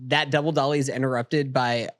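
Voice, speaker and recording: A man's voice: medium pitch, fairly even intonation, fairly quick, no room sound, studio quality. Man rambling earnestly on a podcast. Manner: earnest, rambling, restarts a lot. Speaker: podcast host. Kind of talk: casual film discussion.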